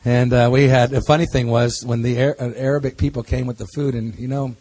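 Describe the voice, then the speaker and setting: A husky-voiced man stands before a congregation and talks as a pastor. His delivery is folksy and loose, full of jokes and stories. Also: medium pitch, level tone, a little fast, darkish tone. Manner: folksy, jokey storytelling with laughs. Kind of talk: church talk to a congregation.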